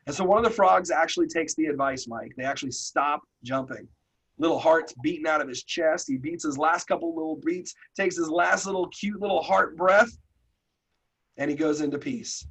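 A podcast host tells a motivational story in a folksy, animated way. His voice is a little high and has a husky, breathy edge. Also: moderate pace, low-quality recording.

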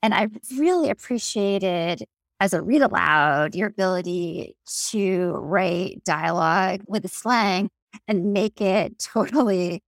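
A woman's voice: on the low side, takes it slowly, vocal fry, dry recording. A woman podcast host asking admiring questions with frequent laughter. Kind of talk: interview chat.

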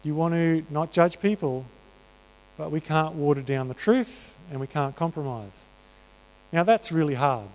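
Male preacher, earnest and chatty, smooth clear tone, fairly high pitch. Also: measured pace, a little mellow. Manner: earnest, conversational, many fillers. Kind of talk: sermon. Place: church hall. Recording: reverberant church hall.

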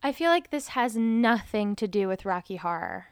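A woman's voice: mid-range voice, expressive, moderate pace, clean tone. A woman co-hosting a casual comedy podcast, cutting in with dry sarcasm. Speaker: podcast co-host.

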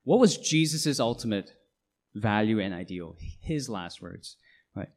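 Lower-voiced man preaching emphatically. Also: expressive, unhurried. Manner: emphatic preaching with rhetorical questions. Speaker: pastor. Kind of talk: sermon.

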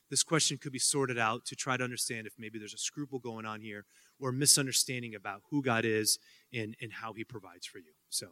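Bright-voiced man in an echoing hall. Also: mid-range voice. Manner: rambling, many fillers, joking asides. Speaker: speaker answering student questions. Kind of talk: casual Q&A talk. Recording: hall with long reverb.

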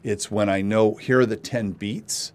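A man's voice: fairly low pitch, fairly even intonation, a little slow. A man hosting a casual interview podcast, rambling with many restarts. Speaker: podcast host.

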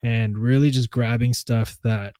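Mellow-voiced man in relaxed podcast chat. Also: medium pitch, a little slow, dry recording. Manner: relaxed, enthusiastic about watches, trailing restarts. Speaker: podcast co-host. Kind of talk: casual chat.

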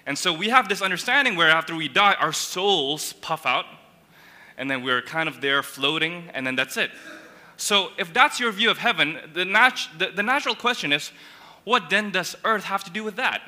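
A man's voice: fairly high pitch, pushed and bright. A man preaching a sermon as a pastor, earnest, restating and repeating words as he builds each point. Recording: long hall reverb.

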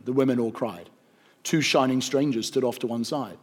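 Husky man telling a rhyming story. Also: medium pitch, moderate pace. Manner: rhythmic, gentle storytelling delivery. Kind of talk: rhyming scripted narration.

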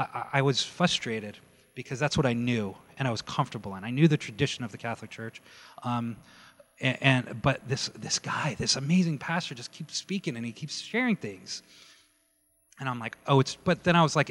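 A man's voice: mid-range voice, brisk. Man giving testimony in a reverberant church. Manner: animated storytelling, acts out quoted dialogue. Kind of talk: testimony sermon. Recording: long hall reverb.

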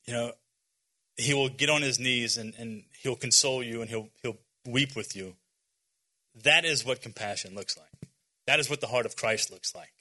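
Speaking at a moderate pace, a man in his forties addresses young people in a casual but earnest sermon. His mid-range voice sounds bright and forceful, and his talk as a youth speaker is packed with fillers and restarts, plus a bit of self-deprecating humor.

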